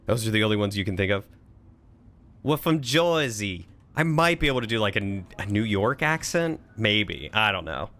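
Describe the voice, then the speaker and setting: A man's voice: fairly low pitch, very animated, a little fast, hardly any pauses, pushed and bright. A man casually thinking aloud while streaming a strategy game, chatting with and thanking his viewers. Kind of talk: casual live-stream commentary.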